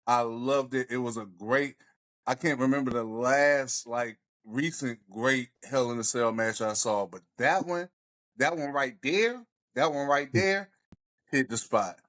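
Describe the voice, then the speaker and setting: A man's voice: mid-range voice, measured pace, fairly bright tone. A man co-hosting a wrestling podcast, speaking in enthusiastic, slangy casual chat with repeated phrases. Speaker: podcast co-host.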